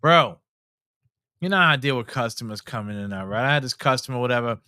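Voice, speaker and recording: A man's voice: medium pitch, fast talker, no room sound, clean studio sound. A man hosting a podcast, telling stories in casual chat with lots of swearing and acting out the people he quotes. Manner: animated storytelling, heavy swearing, acts out quoted people. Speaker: podcast host.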